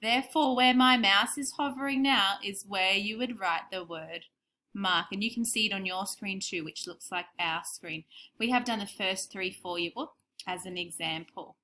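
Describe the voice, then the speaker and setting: A woman co-teaching a recorded spelling lesson for young children, clearly explaining and sounding out words. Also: mid-range voice, moderate pace, pushed and bright, a little hiss or hum. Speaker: primary school teacher.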